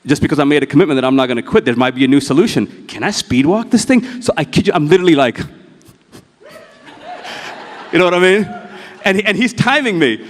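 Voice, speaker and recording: A man's voice: a little high, expressive, brisk, pauses often. Profane storytelling man on stage. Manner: profane, storytelling, acts out dialogue. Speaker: motivational speaker. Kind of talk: live keynote talk with slides. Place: large event hall. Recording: long hall reverb.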